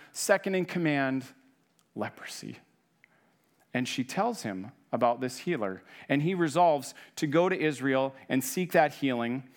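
Man preaching in a conversational, storytelling way. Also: fairly high pitch. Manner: conversational storytelling with animated quoted voices. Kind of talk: sermon.

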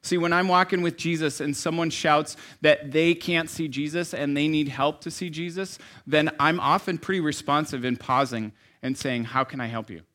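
A man preaching a sermon in a conversational, storytelling way, dropping to soft asides and rising to emphatic lines. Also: fairly high pitch, fairly even intonation, moderate pace, few pauses. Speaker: pastor.

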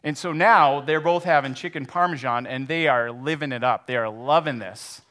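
Animated male preacher telling a story. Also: mid-range voice, moderate pace. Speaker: pastor. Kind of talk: sermon storytelling.

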